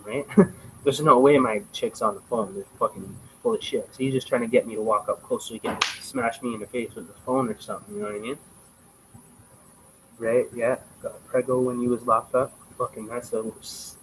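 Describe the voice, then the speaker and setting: Guy streaming live, mid-pitched voice, blunt and foul-mouthed storytelling, faint ambient hiss behind. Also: a bit bright, poor audio. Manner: profane, blunt, street slang. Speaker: livestreamer.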